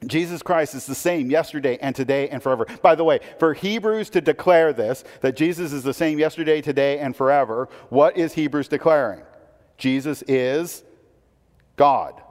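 A man's voice: a little high, normal speed. Preaching man in a reverberant hall. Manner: swings from hushed to loud and emphatic. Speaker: pastor. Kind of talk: sermon.

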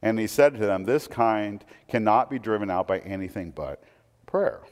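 A pastor giving a sermon, reading scripture aloud and then commenting on it in a conversational way. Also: male voice, on the low side, animated, normal speed, darkish tone, big-room sound.

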